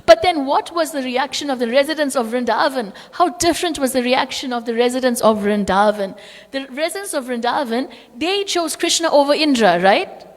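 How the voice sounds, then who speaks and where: A woman's voice: high-pitched, lively intonation, moderate pace, in a large hall. A woman teaching a devotional class, talking through stories conversationally and acting out the quotes. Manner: storytelling with acted quotes, conversational asides. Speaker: spiritual teacher.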